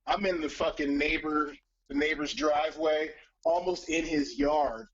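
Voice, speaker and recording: A man casually telling a story on a live stream, profane and animated, acting out the voices of other people. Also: fairly high pitch, a little slow, muffled recording, a little hiss or hum.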